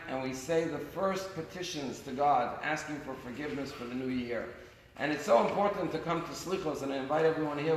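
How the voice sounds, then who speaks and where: A man giving a sermon as a rabbi, telling stories earnestly with his volume rising and falling. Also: a little high. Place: synagogue sanctuary. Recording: echoey sanctuary with long reverb, faint noise.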